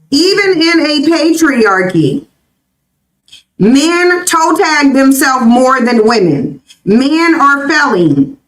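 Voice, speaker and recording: A woman's voice: sits high, fairly bright tone. A woman hosting a stream who comments on a played clip in an insistent, lecturing way, repeating her points. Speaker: streamer host reacting to a video. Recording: echoey, distant room mic.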